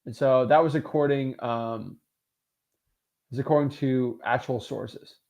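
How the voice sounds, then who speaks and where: A man's voice: medium pitch, a little slow, a little mellow. A man coaching real estate wholesalers in a casual livestream, answering viewer comments in an emphatic, motivational way.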